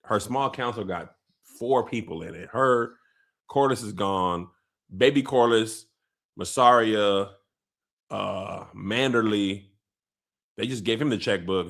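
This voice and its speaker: A man's voice: on the low side, slow pace, long pauses, fairly bright tone. A man hosting a casual comedic TV recap, rambling and joking as he acts out the characters. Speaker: podcast host.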